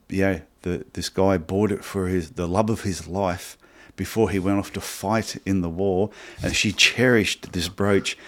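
An Australian man with a very low voice, chatting on a podcast. He tells stories in an easygoing, animated way and acts out the other people's lines as he goes. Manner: animated anecdotes, acts out dialogue. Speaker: podcast co-host. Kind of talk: casual podcast chat, storytelling.

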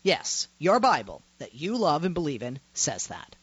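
A woman's voice: low voice, big pitch swings, moderate pace, slightly rough, no room sound, highs cut off. A woman from the Boston area with a Boston accent, hosting a talk radio show and delivering an indignant, sarcastic monologue full of rhetorical questions.

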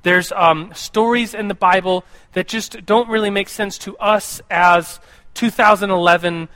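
A young American man talks through a casual sermon to a group. His voice sits high and sounds bright and forward. He rambles, stumbles over repeated words and keeps turning to the listeners with questions. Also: fairly even intonation, measured pace. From United States. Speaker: youth pastor or Bible teacher.

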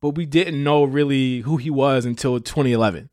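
A man's voice: medium pitch, brisk, a little mellow, dry recording, studio quality. A man co-hosting a podcast, chatting and arguing casually, laughing often and restarting his sentences. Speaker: podcast co-host. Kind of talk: casual debate chat.

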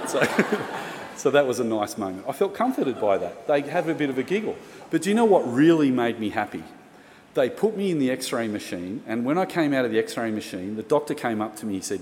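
A man's voice: mid-range voice, expressive, fairly quick, darkish tone. Australian man preaching in an echoey hall. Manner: casual, chatty, self-mocking humour. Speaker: pastor. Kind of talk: storytelling sermon. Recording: reverberant hall, faint room noise.

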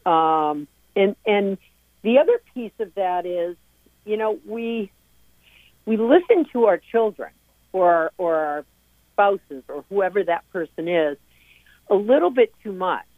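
A woman's voice: mid-range voice, animated, slow, dry recording. A middle-aged woman, a parent speaking as an interview guest, talking earnestly and emphatically with frequent restarts. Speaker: guest, parent of a recovering addict. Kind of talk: interview talk. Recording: tinny dry phone line.

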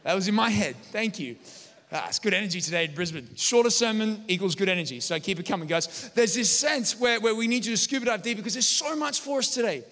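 Lively pastor, high bright voice. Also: male voice, fast, long reverb tail. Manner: energetic, joking, animated storytelling. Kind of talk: sermon. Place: large church hall.

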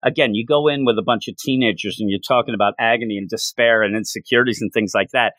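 A man casually recapping a comic book issue and acting out the characters' lines in livelier, higher voices. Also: fairly even intonation, fast, fairly bright tone, no echo. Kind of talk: casual recap with acted-out quotes.

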